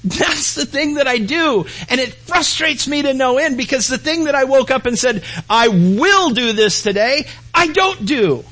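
A man preaching a sermon as pastor, swinging between loud and hushed delivery. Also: very high voice, lively intonation, normal speed, rough recording.

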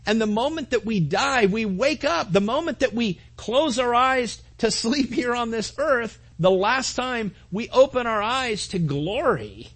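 Man, pastor, sermon, earnest, husky voice, talks to the congregation. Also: extremely high pitch, expressive, a little slow, few pauses, fairly bright tone. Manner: earnest preaching with repetitions and asides to the congregation.

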